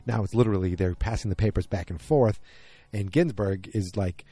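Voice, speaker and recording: A man's voice: lowish voice, a little fast, dark tone, breathy edge, no echo. A man hosting a podcast, recapping an episode in a rambling, unsure way and often second-guessing himself while talking outdoors. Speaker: podcast host. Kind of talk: casual solo episode recap.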